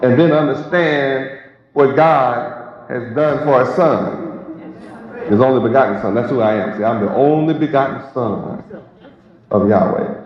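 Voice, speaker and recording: A man's voice: mid-range voice, unhurried, long pauses. A man teaching a sermon in an emphatic, rhetorical way, drawing out key words. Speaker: religious teacher. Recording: echoey lo-fi hall recording with crowd.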